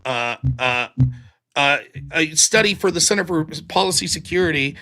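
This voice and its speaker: A man's voice: on the high side, normal speed, a little hiss or hum. An American man hosting a livestream, arguing in a heated political debate and acting out what others might say. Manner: argumentative, lively, acts out quoted voices. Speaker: livestream host.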